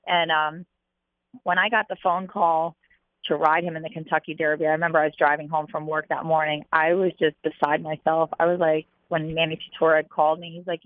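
A woman's voice: low-pitched, a little fast, dry recording. Talkative woman guest, filler-heavy storyteller, tinny phone-line audio. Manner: chatty, animated, with many fillers. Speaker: jockey, interview guest. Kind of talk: casual interview storytelling.

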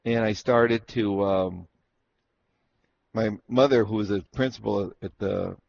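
A man's fairly low, gravelly voice moves at a measured pace as he, a former Arizona jockey, relates racing stories in an easygoing interview. He animates each tale by acting out what people said. The recording is dull, lo-fi, and faintly noisy.

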